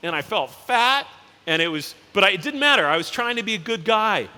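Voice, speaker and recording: A man's voice: sits high, lively intonation, pushed and bright. A man, a company CEO, giving a casual conference keynote and acting out characters in his stories. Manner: casual, anecdotal, acts out the characters in quick voices. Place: large conference hall. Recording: reverberant hall.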